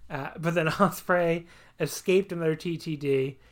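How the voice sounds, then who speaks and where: A man's voice: a little high, normal speed. Man, podcast host, casual chat, rambling, enthusiastic, laughs often.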